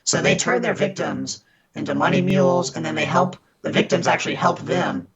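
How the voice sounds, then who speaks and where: A man's voice: fairly high pitch, big pitch swings, normal speed, creaky, highs cut off, a loud crowd. A man guest on a podcast, earnestly telling stories of fighting scammers, often restarting his sentences. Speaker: podcast guest, scam baiter. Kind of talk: casual interview storytelling.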